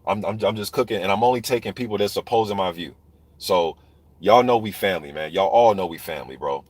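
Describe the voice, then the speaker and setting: A man's voice: low voice, fast, darkish tone, slightly rough, no echo. Man ranting about boxing, dry mic. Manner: heated, profane, repetitive ranting; addresses viewers in a live chat. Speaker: boxing commentator. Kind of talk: ranting live stream commentary.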